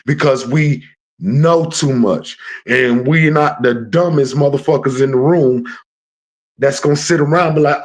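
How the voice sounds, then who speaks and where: A man's voice: mid-range voice, a little slow. A man hosting a live stream, ranting at trolls in a brash, profane and confrontational way. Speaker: livestream host.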